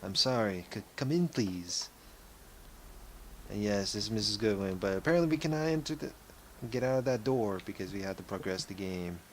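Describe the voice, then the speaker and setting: A young man comments casually on his game as he plays. His voice is low and his talk rambles and corrects itself. A faint background noise stays under him. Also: quick pace. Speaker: let's play gamer.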